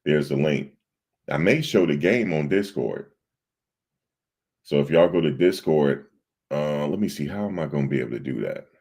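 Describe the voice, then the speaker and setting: Man, livestream host, very low voice, husky, rambling casual chat with viewers. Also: animated, moderate pace, pauses often, a little mellow.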